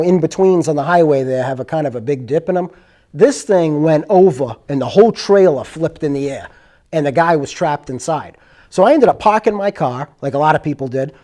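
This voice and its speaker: A man's voice: a little high, dark tone. A man hosting his own show, telling true spooky stories in a rambling, conversational way and acting out what people said. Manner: rambling, conversational, acts out quoted lines. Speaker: show host. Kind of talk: casual storytelling.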